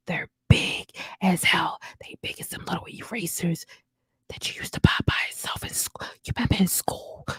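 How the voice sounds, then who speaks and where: A woman host giving whispered news commentary in a husky whisper, animated and profane, repeating herself for emphasis. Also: mid-range voice, no room sound. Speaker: channel host.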